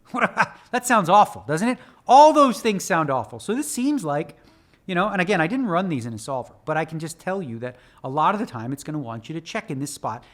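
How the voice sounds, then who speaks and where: Animated man quizzing viewers in a lesson. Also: a little high. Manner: quizzes viewers with rhetorical questions; animated, conversational teaching. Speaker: poker player breaking down his own hands. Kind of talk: spoken hand-analysis lesson.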